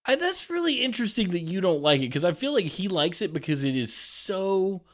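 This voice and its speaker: A man's voice: high voice, brisk. Guy on a podcast, chatty, laughs a lot, voice goes up and down a ton. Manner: laughs often, animated storytelling. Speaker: podcast co-host. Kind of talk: casual chat, reading news aloud.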